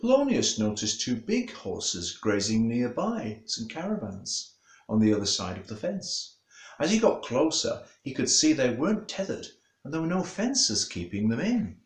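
A man's voice: medium pitch, moderate pace, slightly rough. A male storyteller and author telling a children's story and reading a bedtime book in a playful way. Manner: lively, playful, talks straight to children.

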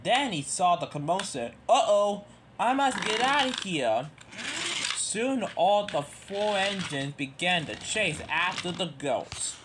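A man narrating a homemade toy train story, halting with slips and restarts, with faint noise behind. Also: a little high.

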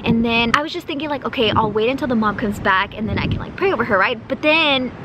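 Brief: young woman vlogger, chatty and excitable, a bit high, phone mic with clear background noise. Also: fast talker. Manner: chatty, excitable, lots of "y'all" and "like". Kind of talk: casual vlog chat to camera.

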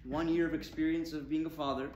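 A rabbi, male, talks fast in a slightly high, darkish voice with fairly even intonation, hurling emphatic rhetorical questions during his Torah talk. The setting is an echoey room with faint ambience and slight background noise.

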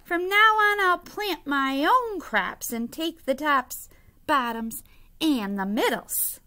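A woman voicing an angry male bear who hollers loudly in a storybook read-aloud. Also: animated, slow pace, exaggerated voice. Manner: hollering, high and loud.

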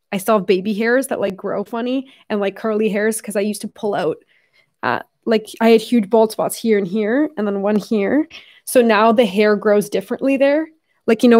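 A woman's voice: mid-range voice, a little mellow, no room sound. A young woman chats casually to her stream audience, full of "like" and the odd swear word. Her voice sounds a little worn after hours of talking. The sound is dry and close, with no room around it. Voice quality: chatty, lots of "like", casual swearing. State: voice tiring from long talking. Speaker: live streamer. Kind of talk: casual live stream chat.

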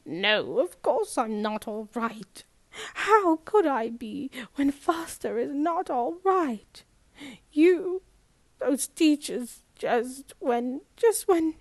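A woman's voice: high-pitched, lively intonation, slow, a little mellow, no echo, exaggerated voice. Woman voicing a distraught older headmistress. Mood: agitated.

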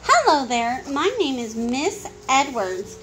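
Patient storybook teacher, gentle and measured, slow and sing-song, read by a woman. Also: sits high, very animated, faint music behind, exaggerated voice. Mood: kind. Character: kind patient woman schoolteacher.

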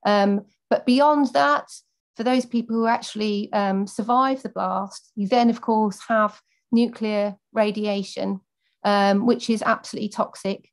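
A woman's voice: mid-range voice, fairly even intonation, unhurried. A woman campaigner speaking earnestly, giving a prepared speech and then answering questions off the cuff with many fillers.

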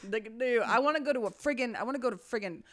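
Brash, bright-voiced young woman co-host. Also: a little high, expressive, rapid-fire. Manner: loud, brash and profane, bursting into shouts and laughter. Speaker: podcast co-host. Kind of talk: casual chat.

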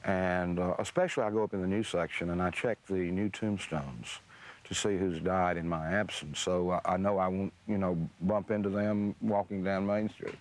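A middle-aged man, telling memories slowly in an interview, pausing with uh and restarting his sentences. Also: sits low, fairly even intonation. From Mississippi, US. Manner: slow, musing, with frequent uh and restarts. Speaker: author interviewed. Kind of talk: reflective storytelling interview.

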